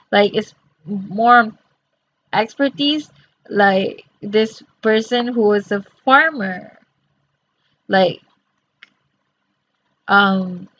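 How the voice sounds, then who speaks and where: A woman's voice: medium pitch, a bit bright, a little hiss or hum. A very sleepy young woman reading her study notes aloud and explaining them in a rambling way, with many fillers and restarts. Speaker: student reviewing course notes. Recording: slightly dull lo-fi audio.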